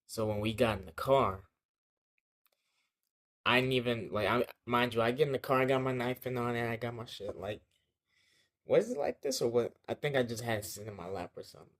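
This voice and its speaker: Young man, mid pitch, telling a casual vlog story that rambles with slang, fillers and swearing. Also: fairly quick, fairly bright tone.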